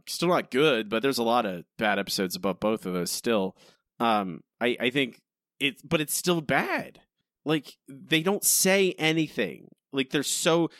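A man's voice: medium pitch, a bit bright, dry recording. Guy podcast host picking apart an episode, exasperated, dry sound. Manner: exasperated, rambling, questioning. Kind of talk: casual critical chat.

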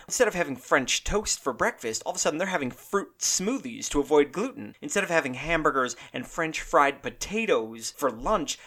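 A man hosts a podcast with a sarcastic, mock-outraged comic energy. His voice is slightly high and very bright, and he talks in an animated, ranting way. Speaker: podcast host. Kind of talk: comedic rant and casual chat.

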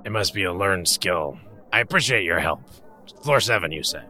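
A man's voice: sits low, animated, moderate pace, pushed and bright. A man playing a character in a tabletop role-playing game, with polite, wry in-character narration. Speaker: player.

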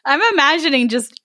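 A woman podcast host reading a folk tale aloud, giggling and adding lively asides. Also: sits high, dry recording, clean studio sound.

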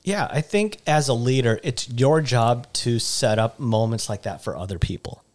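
A man hosting a podcast in casual chat, talking in an animated way with frequent halting restarts. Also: medium pitch. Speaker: podcast host.

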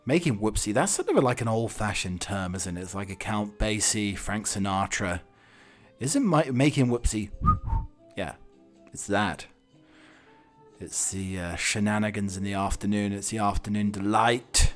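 A man's voice: on the low side, measured pace, faint music behind. A British man hosting a solo podcast, rambling cheekily and mocking himself. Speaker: podcast host.

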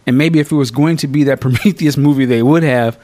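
A man hosting a podcast, reviewing a film in casual, slangy, profane chat with animated storytelling. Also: medium pitch, fast, no echo. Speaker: podcast host.

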